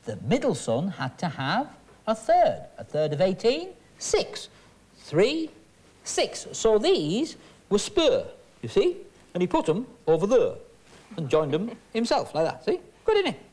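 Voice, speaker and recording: A man's voice: sits high, wildly swooping pitch, measured pace, a little mellow. A man performing magic with chatty, teasing patter for an audience. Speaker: stage magician.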